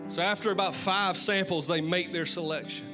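A pastor with a high-pitched voice speaks at normal speed during his sermon on a church stage. Worship music on soft guitar plays in the background as he moves between impassioned calls and lighthearted, joking stories.

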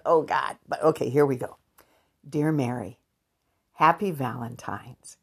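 Give me a frank woman vlogger with a low, husky voice. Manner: candid, frank and chatty, with sighs and laughs. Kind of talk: casual chat to camera.

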